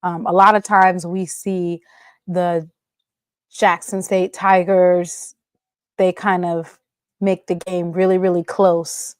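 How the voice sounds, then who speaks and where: A woman hosting a casual sports show, excitable and answering chat commenters by name. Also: on the low side, no echo, clean studio sound.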